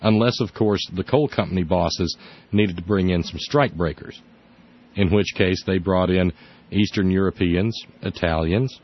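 Low-voiced male radio host, lo-fi. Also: measured pace. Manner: earnest and conversational, with frequent restarts. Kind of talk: radio talk show. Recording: dull lo-fi radio audio.

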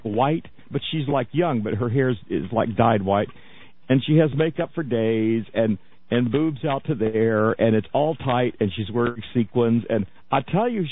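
A man hosting a radio talk show, chatty and mocking, often laughing as he tells a story. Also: medium pitch. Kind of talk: casual radio commentary. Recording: tinny phone-like radio audio.

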